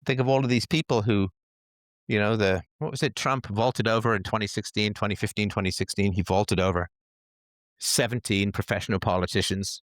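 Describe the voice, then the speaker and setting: A man's voice: on the low side, steady tone, fairly quick, dry recording, studio quality. A man hosting a livestream, giving sarcastic commentary with crude humor. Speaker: podcast host.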